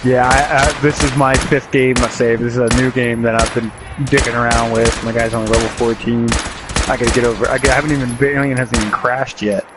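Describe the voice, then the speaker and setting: A man chats casually while he plays a game, rambling through stories and chuckling along the way. His voice sits at an ordinary mid pitch. Gunfire and explosions from the game are clearly heard behind him. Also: flat delivery, fairly quick, very noisy. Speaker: game streamer. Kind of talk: casual chat while gaming. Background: video game gunfire and explosions.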